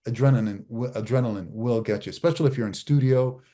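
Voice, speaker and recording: Warm-voiced man coaching emphatically. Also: mid-range voice, fast talker. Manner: emphatic coaching, repeats key phrases, frequent restarts. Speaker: media trainer. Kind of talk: live online masterclass teaching.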